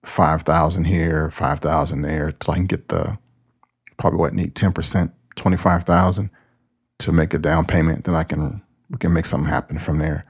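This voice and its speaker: A man's voice: a bass voice, fairly even intonation, normal speed, breathy edge. A man who hosts a podcast and pastors a church, talking in a loose, plain-spoken, conversational way. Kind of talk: casual podcast talk.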